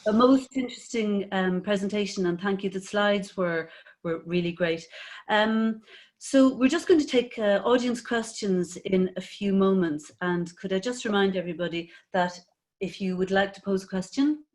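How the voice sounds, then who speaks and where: A woman moderating a webinar over a video call, measured, with fillers. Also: medium pitch, a little mellow.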